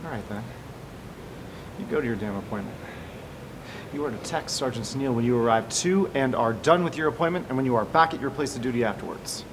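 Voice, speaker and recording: An actor playing a harsh sergeant who gives commands in a mocking tone. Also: male voice, mid-range voice, expressive, brisk, background noise, natural voice. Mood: contemptuous. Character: harsh male sergeant bullying his soldier.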